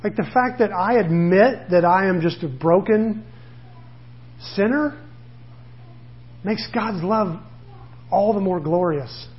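A man's voice: high-pitched, takes it slowly, pauses often, highs cut off. A middle-aged man preaching a sermon in an earnest, conversational way, slipping into the voices of the people he describes. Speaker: pastor.

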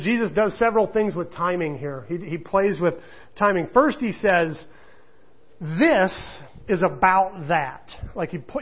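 A man's voice: sits high, breathy edge, lo-fi sound. Chatty man preaching a casual sermon. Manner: conversational, self-deprecating storytelling with laughter. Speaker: pastor.

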